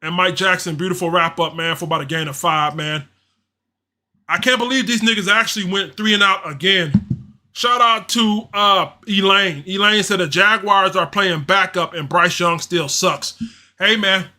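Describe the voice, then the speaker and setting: A man with a high-pitched, pushed and bright voice talks at normal speed while hosting a fan livestream. He gives casual play-by-play, ranting in frustrated slang and repeating himself.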